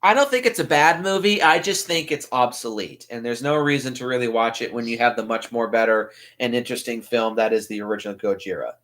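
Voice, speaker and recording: A man's voice: mid-range voice, fairly quick, few pauses, a bit bright. A young man hosting a casual film review podcast, blunt and opinionated, with frequent ums. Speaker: podcast host. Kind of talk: casual movie review chat.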